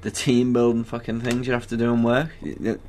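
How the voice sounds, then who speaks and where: A man's voice: mid-range voice, monotone, quick pace, darkish tone. A man co-hosting a comedy podcast, swearing and grumbling about work in casual banter. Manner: sweary, grumbling, laughs often.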